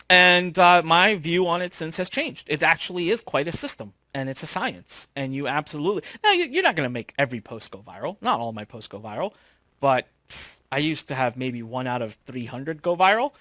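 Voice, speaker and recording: A middle-aged man hosting a course, telling a story in an animated way and acting out the dialogue he quotes. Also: fairly high pitch, a little fast, dry recording, studio quality. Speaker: course host.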